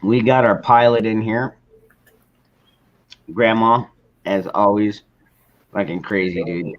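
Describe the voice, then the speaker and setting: A man's voice: lowish voice, steady tone, slow, lo-fi sound. A man hosting a casual late-night livestream chat, laid-back and swearing freely, greeting viewers in the chat. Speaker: livestream host.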